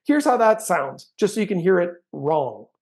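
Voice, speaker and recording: Gravelly-voiced man giving a sales lesson. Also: high-pitched, big pitch swings, moderate pace. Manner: chatty, acts out sample sales lines. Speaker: sales trainer. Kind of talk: conversational training talk.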